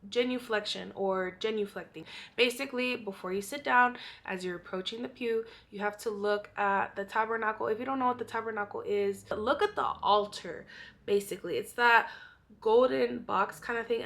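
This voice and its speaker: A woman's voice: medium pitch, a bit bright. A young woman vlogger giving blunt, profane advice in a casual monologue, often out of breath.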